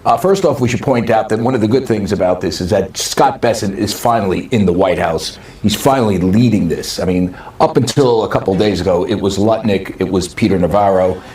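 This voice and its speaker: A man's voice: on the low side, a little fast, few pauses, a little mellow. A male business reporter giving confident market commentary, as if passing on inside information. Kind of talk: played news commentary clip. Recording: roomy, distant clip audio.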